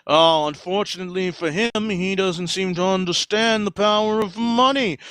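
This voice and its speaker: A man's voice: sits high, fairly bright tone, no room sound, rough recording. A man doing a smug rich duck tycoon. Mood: gloating. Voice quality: haughty, drawling upper-class put-on voice. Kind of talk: improvised comedy role-play.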